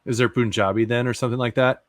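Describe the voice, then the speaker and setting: A man chatting on a tech podcast, joking and thinking out loud. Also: mid-range voice, fairly even intonation, fast, no room sound, clean studio sound. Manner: joking, rambling, thinks aloud. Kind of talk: casual tech podcast chat.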